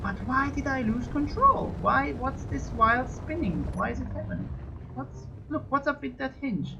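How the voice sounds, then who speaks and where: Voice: sits high, big pitch swings, moderate pace, creaky, dull audio, background noise. A let's-play host giving running gameplay commentary, talking to themselves and narrating each moment, with bursts of swearing and yelps. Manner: talks to self, narrates each moment, swears and yelps when things go wrong.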